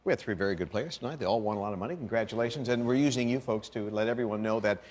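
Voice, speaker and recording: A man's voice: fairly low pitch, very fast, noisy background. A man hosting a TV game show in a studio, jovial and chatty, with joking apologetic asides.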